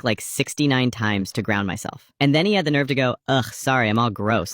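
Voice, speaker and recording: A man gushing in a theatrical, flirty confessional, his voice pitched mid-range and recorded close and dry. He swings between mock-shock and teasing asides. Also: a bit bright, no room sound. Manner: playful, dramatic, flirty oversharing. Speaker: content creator. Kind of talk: casual confessional monologue.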